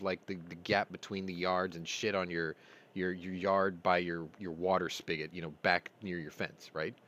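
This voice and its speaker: A man with a lowish voice tells a story in a casual chat. He speaks in quick, animated bursts and drops in the odd swear word. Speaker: podcast host.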